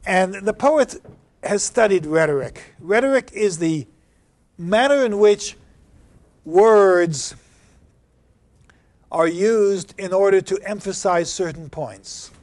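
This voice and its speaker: Male lecturer, slightly high voice, unhurried measured delivery, reads verse with rising stress. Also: a little mellow. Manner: slow, deliberate, reads verse aloud with rising emphasis. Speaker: university lecturer. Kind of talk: classroom lecture on poetry. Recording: 2009 classroom lecture recording.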